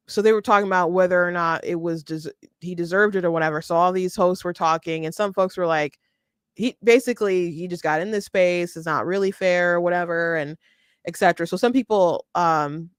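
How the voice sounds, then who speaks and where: A woman hosts a casual political commentary stream. Her voice sits low, and the recording is close and dry, with no room sound. She talks chattily, restarts often and laughs between thoughts. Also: clear, resonant tone, no room sound. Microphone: close mic, streaming setup.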